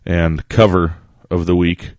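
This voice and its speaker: Low voiced guy hosting a podcast, laid back and rambly, dead dry sound. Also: measured pace, dry recording. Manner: relaxed, rambling. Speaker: podcast co-host. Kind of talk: casual chat.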